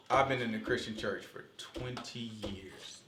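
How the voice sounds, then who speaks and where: A man leading a casual Bible study discussion, talking in an animated, joking, conversational way. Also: medium pitch, echoey room, noisy background.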